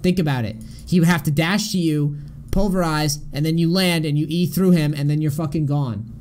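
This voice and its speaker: A man's voice: fairly high pitch, fairly even intonation, normal speed, darkish tone. A young man coaching a player over a live stream, blunt and exasperated, swearing often. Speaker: game coach.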